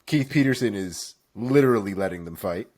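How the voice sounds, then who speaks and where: A man from Florida co-hosting a casual chat, telling stories with lively swearing. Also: fairly low pitch, brisk. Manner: animated storytelling with swearing. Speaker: co-host.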